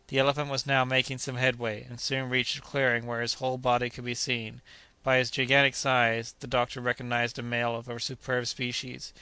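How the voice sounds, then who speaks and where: Bright, crisp male audiobook narrator. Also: fairly quick, dry recording. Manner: steady reading, characters' shouts voiced a bit higher and louder. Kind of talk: scripted narration.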